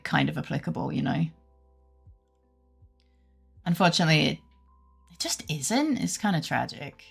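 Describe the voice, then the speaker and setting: A woman's voice: deep voice, creaky, bright, forceful tone, breathy edge. A British woman streaming live, chatting with viewers in a rambling, sweary, self-deprecating way and laughing often. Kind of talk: casual chat with live viewers.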